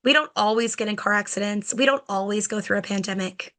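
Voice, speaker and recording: Woman, podcast guest, educator, animated storyteller, chatty, acts out conversations, lots of filler words. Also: medium pitch, fairly quick. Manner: chatty, many fillers like "like" and "you know".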